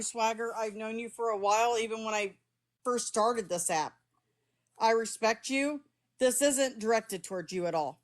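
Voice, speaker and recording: Middle-aged woman streamer with a slightly high voice, defensive and blunt with chat, cursing freely. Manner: heated, defensive, swears, talks straight to chat. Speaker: live streamer. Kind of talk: live-stream chat with viewers.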